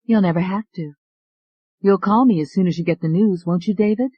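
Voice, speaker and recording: A narrator voicing a young wife who speaks gently and reassuringly. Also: medium pitch, a little fast, breathy edge, dry recording, lo-fi sound, voice pushed up, close to an everyday voice. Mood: tender.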